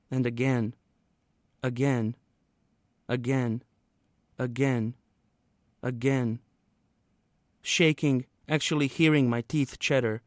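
Man, author reading his novel, measured pace, everyday pitch, dry close sound. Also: dry recording.

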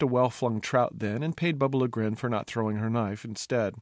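A man's voice: mid-range voice, a little fast, hardly any pauses, no echo, studio quality. Wry man reading an audiobook. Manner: wry, expressive, doing character voices. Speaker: audiobook narrator. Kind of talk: scripted narration.

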